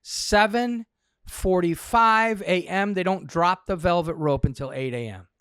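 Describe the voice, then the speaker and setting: A comedian tells a comic story in an unhurried, drawn-out way, often breaking into laughter. His voice is bright and forward, and the recording is dry and close. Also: high voice, clean tone, dry recording. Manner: animated, laughs through his telling. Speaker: comedian guest. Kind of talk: comic storytelling in podcast chat. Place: backstage at a comedy theatre.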